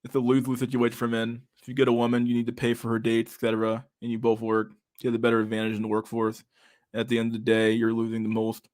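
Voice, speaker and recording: A man's voice: medium pitch, completely flat delivery, fast, a little mellow. A man in casual chat, reading messages aloud, swearing a lot and laughing often.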